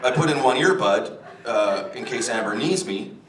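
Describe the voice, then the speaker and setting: A young actor playing a crude, brash store clerk, telling a rambling, profane story with chuckles on a stage. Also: male voice, animated, normal speed, close to an everyday voice. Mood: swaggering. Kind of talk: theatre monologue. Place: theatre stage. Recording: roomy stage audio from a distance, faint rumble.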